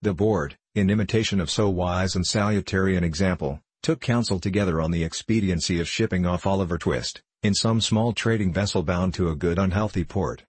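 A male narrator reading a classic novel in a measured, even way. His voice is deep and slightly husky, recorded dry and close. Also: no room sound. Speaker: audiobook narrator.

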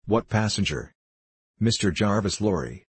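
A man's voice: lowish voice, expressive, measured pace, slightly rough, no room sound, heavily acted. A man voicing a guarded rider in the mist. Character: mysterious male rider calling from mist.

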